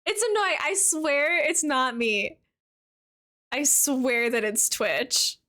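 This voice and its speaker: A woman game streamer chatting casually with viewers while she plays, chatty and quick to giggle. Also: high voice, bright, forceful tone. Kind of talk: casual live-stream chat while playing.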